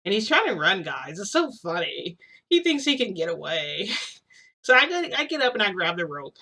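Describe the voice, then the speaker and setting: Bright-voiced young woman rambling casually. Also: mid-range voice, big pitch swings, moderate pace, slightly rough. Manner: rambling, heavy use of "like", frequent restarts. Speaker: vlogger. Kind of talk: casual storytelling.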